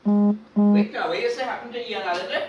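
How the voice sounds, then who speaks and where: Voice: medium pitch, fairly even intonation, normal speed, muffled recording, loud music behind the voice. A person, chatting and asking questions during a live stream. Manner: questioning, conversational. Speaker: guest in the stream. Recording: distant mic, noisy echoey room.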